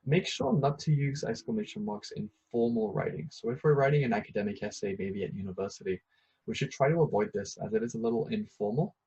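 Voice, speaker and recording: Male teacher, mid pitch, husky, patient and repetitive, muffled lo-fi audio. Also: darkish tone. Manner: patient, repeats each point, some um and uh. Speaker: English teacher. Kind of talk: scripted grammar lesson.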